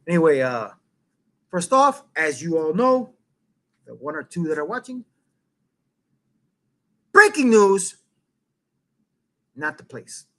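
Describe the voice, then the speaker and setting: Middle-aged male host, casual live-stream rant, lively swooping pitch, profane and rambling. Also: normal speed. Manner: rambling, profane, jumps between loud bursts and muttering.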